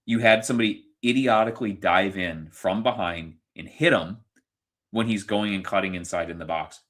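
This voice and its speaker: A man with a very deep voice co-hosts a casual football podcast. He rants with heat and swears freely, piling up his points. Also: moderate pace, a bit bright. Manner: heated ranting, swears freely, acts out others in quoted bits. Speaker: podcast co-host. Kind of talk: casual sports chat.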